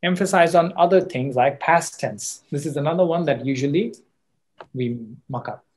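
A man's voice: a little high, moderate pace, darkish tone. A man teaching an exam coaching class in a classroom, with an Australian accent, emphatic, checking in with students often and correcting himself mid-sentence. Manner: frequent fillers and self-corrections. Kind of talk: classroom lecture.

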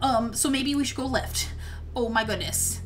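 A young woman playing a story game, reacting with excitable gasps and exclamations. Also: fairly high pitch, moderate pace, soft background music. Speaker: gaming YouTuber. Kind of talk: let's play commentary, reading story aloud.

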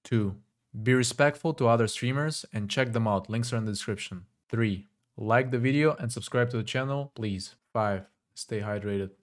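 A man's voice: mid-range voice, moderate pace. A man with a Russian accent giving casual, joking gameplay commentary as a gaming streamer, swearing often. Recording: loud game noise behind voice. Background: game sounds and clicks.

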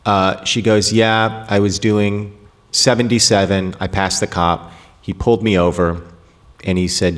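A man's voice: fairly low pitch, fairly even intonation, unhurried, a bit bright. A middle-aged man hosting a stage conversation, teasing his guest with dry remarks and telling a short anecdote. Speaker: host. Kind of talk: conversational interview. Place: stage of a performance venue.

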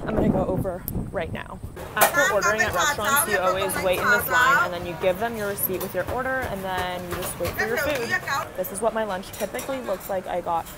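A woman's voice: mid-range voice, noisy background. A young American woman vlogging casually to camera, chatty and full of likes and ums, filming herself on a handheld phone. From United States. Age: young adult. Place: dorm room, then walking outdoors around campus.

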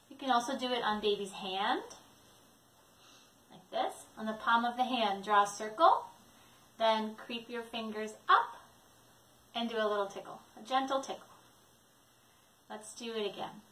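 High, bright sing-song woman librarian. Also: moderate pace, long pauses. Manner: gentle, sing-song, encouraging. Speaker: children's librarian leading baby time. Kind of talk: singing songs and rhymes for babies. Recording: echoey room, distant mic.

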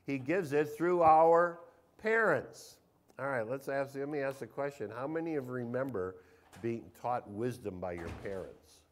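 Slow-speaking pastor teaching Bible study. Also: male voice, medium pitch. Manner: reads scripture aloud with emphasis, asks the group questions.

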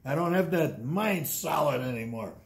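A man in his eighties telling blunt, gruff stories about running tours, in a casual sit-down interview at home. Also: on the high side, lively intonation, normal speed, slight background noise. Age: 80s. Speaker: interviewee and tour guide. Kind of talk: casual storytelling. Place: indoors at home.

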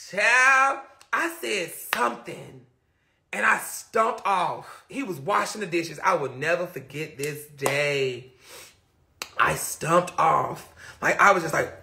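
A man on a live stream telling a storytime rant, animated and laughing as he talks straight to his viewers. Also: high-pitched, slow pace, vocal fry.

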